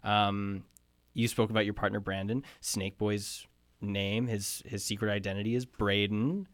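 A man interviewing a guest in an improvised comedy piece, deadpan and probing, with hesitations, on a studio microphone. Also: on the low side, unhurried, dry recording.

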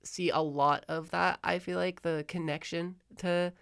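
A young woman from Canada with a Canadian accent, hosting a casual podcast chat with a relaxed, chatty manner. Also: lowish voice, measured pace, vocal fry, clean tone. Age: young adult. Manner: chatty, relaxed, many fillers. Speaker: host.

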